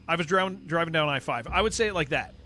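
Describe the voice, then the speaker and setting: A man's voice: fairly high pitch, lively intonation, fast talker, bright, forceful tone. Californian man streaming, rambling casual chat. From San Diego, California. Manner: rambling, restarts sentences, says dude a lot. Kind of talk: casual live-stream chat while gaming.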